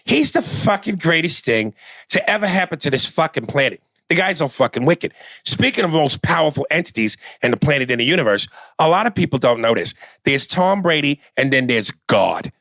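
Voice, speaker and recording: Brief: man impersonating a brash Boston tough guy, profane and boastful, raised pitch, dry close sound. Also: sing-song, fairly quick, pushed and bright, dry recording, exaggerated voice. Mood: hyped ranting. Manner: profane, boastful rambling rant. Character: brash Boston tough-guy movie star impression, male.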